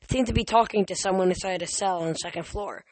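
A man's voice: high voice, quick pace, dry recording. Guy reading a book aloud, trips over words a lot, dry close mic. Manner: reads with frequent stumbles and restarts. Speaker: reader. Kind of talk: amateur audiobook reading.

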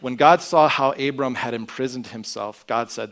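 A man preaching a sermon in an earnest way, often dropping to a quiet emphasis at the ends of phrases. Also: medium pitch, moderate pace, hardly any pauses. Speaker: pastor.

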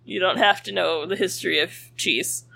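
A woman's voice: on the low side, moderate pace, creaky, pushed and bright, slightly rough. A woman co-hosting a podcast in casual chat, playful and teasing. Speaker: podcast co-host.

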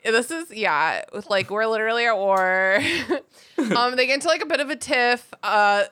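A woman co-hosting a podcast, her voice bright and clear. She talks casually about a book, laughs often and swears freely. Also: on the high side, animated, normal speed. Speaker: podcast co-host. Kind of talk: casual book-discussion chat.

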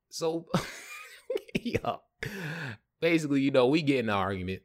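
Animated, profane male podcast host. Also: medium pitch, measured pace, pauses often. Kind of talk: casual storytelling.

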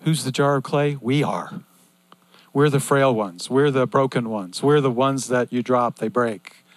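An older man preaching a sermon in an earnest, repetitive cadence that swings between loud and hushed. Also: mid-range voice, a little slow, no room sound.

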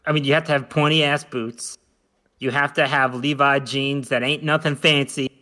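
A man's voice: medium pitch, fairly even intonation, normal speed, bright, forceful tone. A man co-hosting a casual podcast chat, rambling and joking playfully. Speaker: podcast co-host.

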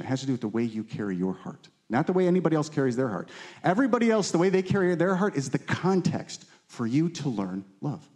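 A man preaching a sermon, animated and shifting between excited exclamations and low earnest asides, and putting questions straight to his listeners. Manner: asks the listeners direct questions. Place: church meeting room.

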